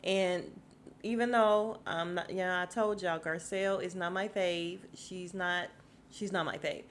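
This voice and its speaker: Chatty, sarcastic woman podcaster, lowish voice. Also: steady tone, a little slow, slight background noise. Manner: chatty, sarcastic, frequent laughs and asides. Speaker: podcast host. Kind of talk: casual reality TV recap.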